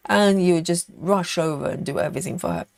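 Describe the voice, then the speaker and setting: A woman's voice: on the low side, brisk, vocal fry, darkish tone, no room sound. A woman hosting a live stream in casual, chatty talk, reading out and answering viewer comments with frequent laughs.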